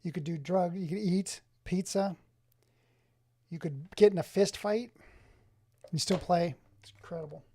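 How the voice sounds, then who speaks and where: A man streaming live from his home office, chatting excitedly with viewers and exclaiming often. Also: sits high, a little slow, pauses often, husky. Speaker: streamer showing his game collection. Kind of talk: casual live-stream chat.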